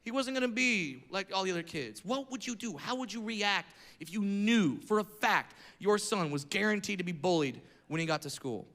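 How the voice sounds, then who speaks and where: A man from California doing stand-up comedy, brash and punchy, building to shouted rants. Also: high-pitched, lively intonation, moderate pace, few pauses.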